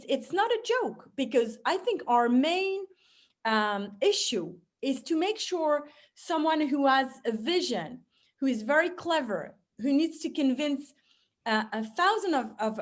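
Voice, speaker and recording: High-voiced French woman, chatty and expressive. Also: unhurried. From France. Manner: expressive, many fillers and restarts. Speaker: speechwriter guest. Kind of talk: conversational interview.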